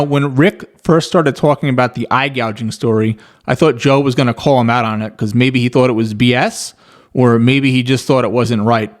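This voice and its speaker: A man giving reaction commentary, skeptical and building long hypothetical scenarios to argue his point. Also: mid-range voice.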